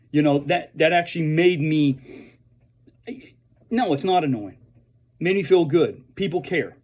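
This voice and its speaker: A man who is a veteran speaks earnestly and haltingly to fellow veterans, restarting his sentences often. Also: fairly high pitch, darkish tone. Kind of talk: earnest direct-to-camera message.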